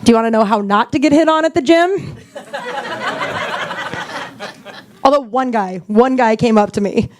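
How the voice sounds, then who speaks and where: A woman in her forties works a stand-up crowd in a fairly high voice. Her delivery is chatty and self-mocking, and she breaks into laughter often. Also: slow, long pauses, noisy background. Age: 40s. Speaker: stand-up comedian. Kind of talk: stand-up set. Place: comedy club main room.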